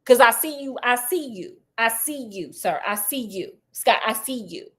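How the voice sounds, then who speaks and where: A woman voicing an impatient, dismissive male doctor who talks fast in casual slang. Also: on the high side, animated, fairly bright tone, slightly rough, exaggerated voice. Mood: taunting.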